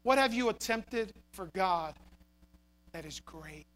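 A man with a very high voice preaching a sermon. He moves between fiery shouted points and soft, hushed asides, punching key phrases with repetition. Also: slow. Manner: animated, shouting for emphasis, then dropping quiet.

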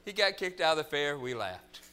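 A middle-aged man preaching a sermon, telling funny stories in an animated, joking manner. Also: a little high, slight background noise. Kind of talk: sermon with humorous storytelling.

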